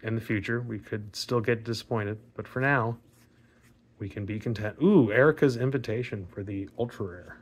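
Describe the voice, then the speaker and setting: A man with a raspy voice, chatting casually and rambling with fillers and mild swearing while opening trading card packs. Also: fairly low pitch, moderate pace. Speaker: card pack opening vlogger. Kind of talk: casual pack opening commentary.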